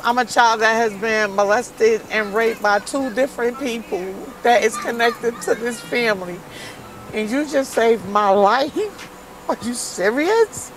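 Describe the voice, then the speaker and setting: A woman's voice: fairly high pitch, a bit bright, slight background noise, rough recording. A woman from Brooklyn, a guest in an interview, tells her own hard life story candidly and emotionally in blunt street-style speech. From Brooklyn, New York. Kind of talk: personal testimony in an interview.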